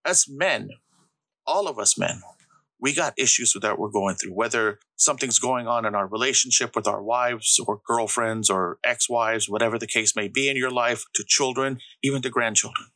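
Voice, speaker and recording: A man co-hosting a podcast, telling stories in a casual, animated way and acting out the quotes. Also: medium pitch, moderate pace, dry recording, poor audio. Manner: animated storyteller, acts out quotes. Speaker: podcast co-host.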